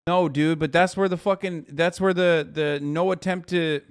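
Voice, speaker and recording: A man's voice: fairly high pitch, fairly even intonation, moderate pace, clear, resonant tone. A man streaming a reaction video, ranting heatedly and profanely and tripping over his words. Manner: profane, ranting, talks over himself with restarts. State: agitated, at times shouting.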